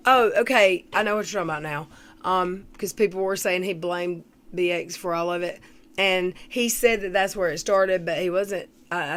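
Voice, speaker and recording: A woman hosts a casual livestream, rambling through commentary and greeting viewers from the chat while frequently clearing her throat. Her voice is on the low side, and there's slight background noise.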